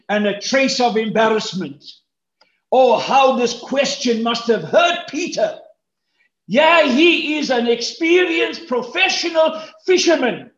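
Slow, high-voiced preacher in an echoey room. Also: male voice. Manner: animated, acts out voices with big pitch jumps. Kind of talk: sermon. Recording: roomy echo, dull lo-fi sound.

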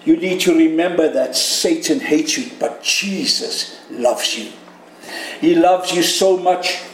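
Slow-speaking preacher, high voice. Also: male voice, slight background noise. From Canada. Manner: earnest, conversational preaching with direct questions to the audience. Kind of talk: sermon. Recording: echoey room.

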